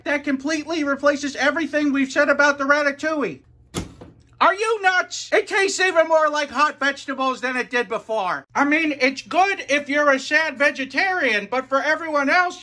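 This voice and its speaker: High, bright-voiced sardonic man. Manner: sardonic, deadpan ranting. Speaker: cooking show host. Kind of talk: comedic cooking video talk.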